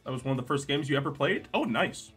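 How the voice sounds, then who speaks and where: A man's voice: medium pitch, lively intonation, quick pace, fairly bright tone, soft background music. A young man streaming, chatting casually, joking and reading chat aloud while editing art.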